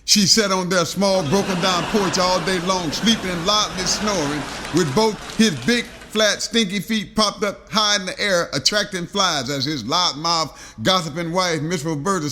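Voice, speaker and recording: A man's voice: sits high, sharp tone, slight background noise. A man narrating a rambling comic story, stringing long lists of insults with filler "uh"s.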